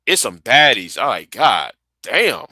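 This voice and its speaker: A man's voice: mid-range voice, sing-song, a little slow, sharp tone, no echo. A man chatting casually on his live stream, rambling and profane, often repeating words while he thinks.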